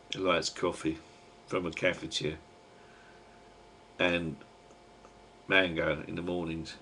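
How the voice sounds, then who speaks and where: A man's voice: very deep voice, little pitch movement, takes it slowly, pauses often, sharp tone, a little hiss or hum. A man with a Cockney accent rambling to his webcam at home in a chatty, digressive way, full of slang and mild swearing. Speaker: webcam vlogger. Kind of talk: rambling casual monologue to a webcam.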